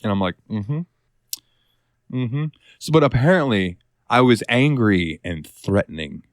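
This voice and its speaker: A man's voice: lowish voice, sing-song, normal speed, no room sound, clean studio sound. A man co-hosting a podcast, telling a work story in casual chat, swearing freely and acting out what others said. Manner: storytelling with swearing, acts out quotes. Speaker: podcast co-host.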